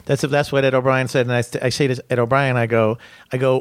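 A man telling an excitable, rambling story as a comedian on stage, often restarting his sentences. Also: mid-range voice, quick pace, clear, resonant tone, no echo. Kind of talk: animated storytelling. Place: stage in front of an audience.

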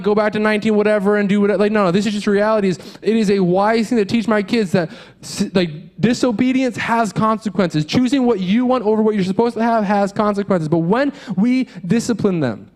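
A man in his thirties with a notably high voice preaches a sermon as a pastor. He talks in an earnest, conversational way, racing through asides and then slowing right down for the emphatic lines. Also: darkish tone.

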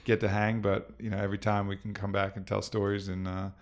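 A man hosting a podcast in casual chat, relaxed and earnest, swearing now and then. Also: lowish voice, fast talker. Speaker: podcast host.

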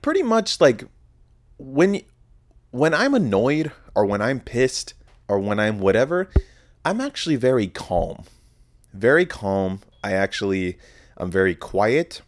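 Profane, animated young man telling a story. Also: medium pitch. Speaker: podcast host. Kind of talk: casual storytelling monologue.

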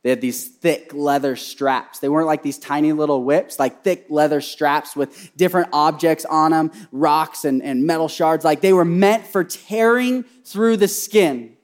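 A man preaching a sermon, telling the story in an animated way and swinging between loud passages and soft asides. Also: fairly high pitch, unhurried, hardly any pauses. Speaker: pastor.

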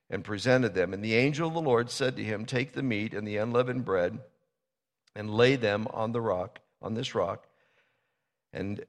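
Conversational preacher in a reverberant hall. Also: male voice, medium pitch. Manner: storytelling, conversational, acts out biblical dialogue. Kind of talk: sermon.

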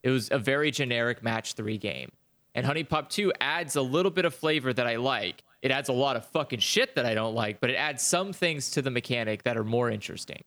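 A man's voice: mid-range voice, animated, brisk, a bit bright. A man in casual chat about video games, ranting animatedly and swearing a lot.

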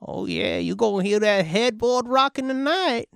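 A man's voice: very high-pitched, lively intonation, moderate pace, creaky, a bit bright, clear, resonant tone, no room sound, studio quality, voice pushed up, full character voice. A man putting on a lewd cackling old grandma. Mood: leering. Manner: vulgar, cackling taunts.

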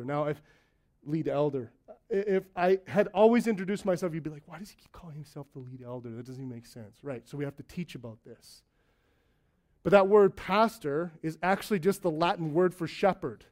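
A man's voice: on the high side, a little mellow. A man who leads a young church, preaching in a conversational way with joking asides. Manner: conversational, joking asides, acts out quoted voices. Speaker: lead elder of a church plant. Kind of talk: sermon.

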